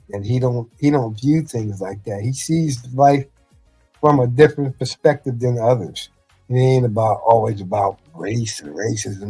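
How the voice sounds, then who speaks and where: A middle-aged man spins long, meandering stories in a relaxed podcast conversation, drifting from one memory to the next. His pitch sits in an ordinary middle range, and a faint bed of music runs underneath. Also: slightly rough. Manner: rambling anecdotes with frequent "you know". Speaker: podcast host, former football coach. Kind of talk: casual storytelling chat.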